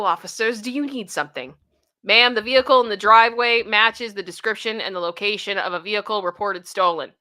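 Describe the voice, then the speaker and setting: A woman casually reading stories aloud and reacting to them with outbursts of disbelief. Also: mid-range voice. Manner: animated, reads quotes aloud with outbursts of disbelief and laughter. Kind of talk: casual commentary.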